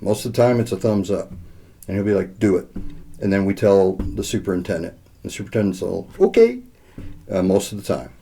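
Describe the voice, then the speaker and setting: A middle-aged man talks through a story in a relaxed, rambling way, voice very low and gravelly. His tone is dark and mellow, full of small pauses and filler words as he recounts conversations. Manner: rambling, heartfelt, frequent "uh" and quoted dialogue. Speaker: podcast co-host leading a school safety program. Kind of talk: casual storytelling chat.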